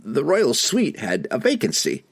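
A man voicing a small male halfling informant with a squeaky voice, wary and careful with every word, in an audiobook reading. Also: wildly swooping pitch, measured pace, gravelly, husky, exaggerated voice.

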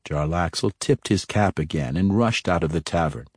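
A man with a very deep voice reads a fantasy story in a steady, measured way. The sound is dry and close, with no room around it. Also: breathy edge, no echo. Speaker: audiobook narrator. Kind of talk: scripted fantasy narration.

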